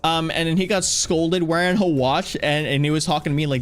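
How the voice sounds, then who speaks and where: A man chatting casually on a livestream, rambling playfully, reading chat aloud and now and then breaking into loud, excited shouts. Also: on the high side, fast talker, hardly any pauses. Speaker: streamer. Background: faint background music.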